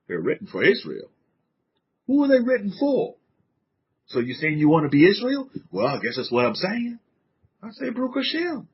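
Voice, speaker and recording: A man's voice: high-pitched, wildly swooping pitch, moderate pace, long pauses, slightly rough. A man giving an informal sermon as a religious teacher, fervent and conversational, with casual slang. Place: San Antonio. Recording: dull lo-fi recording.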